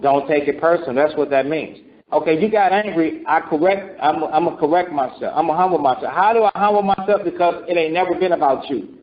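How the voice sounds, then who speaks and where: Brief: male preacher, high register, teaching scripture conversationally with rhetorical questions, muffled recording. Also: fast. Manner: rhetorical questions, acts out voices. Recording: dull lo-fi recording.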